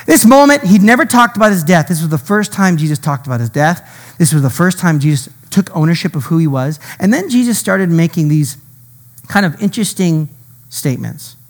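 A male pastor preaching a sermon, his delivery dramatic and swinging between loud and hushed. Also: on the high side, lively intonation, brisk, big-room sound.

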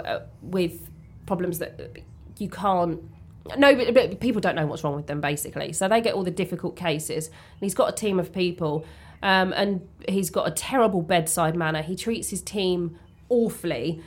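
A woman's voice: on the low side, moderate pace. Chatty woman. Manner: chatty, many ums and restarts, blunt swearing. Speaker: podcast co-host. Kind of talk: casual chat.

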